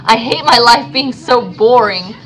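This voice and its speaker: A woman voicing a screaming, hysterical young bride in a read-aloud novel, shrill and shouting. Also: animated, fairly quick, rough recording.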